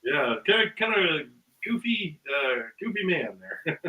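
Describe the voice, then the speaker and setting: Bright, rambling male storyteller, off-mic. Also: fairly high pitch, very animated, takes it slowly, distant mic, low-quality recording. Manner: rambling, full of ums and uhs, acts out quotes with laughs. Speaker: guest musician. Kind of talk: casual storytelling.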